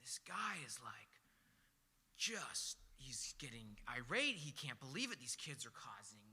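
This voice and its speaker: At a young adults service in a church hall, a young man gives a casual, conversational sermon full of stories and chatty "like" and "right?" asides. His medium-pitched voice is very animated, pushed, bright and slightly rough at a measured pace, with long hall reverb and faint music behind him.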